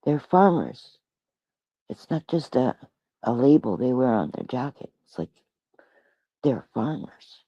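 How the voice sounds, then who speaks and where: A livestream host in her sixties from Toronto, Canada chats casually alone, rambling, reading out comments and laughing often. Her extremely low, mellow voice is sing-song, a little slow, with frequent pauses. The streaming mic recording has no room sound and the highs are cut off.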